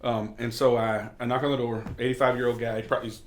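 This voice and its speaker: A man's voice: mid-range voice, little pitch movement, quick pace, roomy sound, very noisy. A man serving as a state representative, from Kentucky, talking candidly in a casual sit-down conversation and telling stories. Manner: candid, storytelling, occasional cursing.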